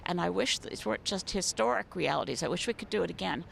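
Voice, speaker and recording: A woman's voice: on the low side, animated, quick pace, vocal fry, fairly bright tone, a little hiss or hum. A woman politician giving an earnest, reflective tribute as a guest in a news interview. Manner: earnest, reflective, searching for words.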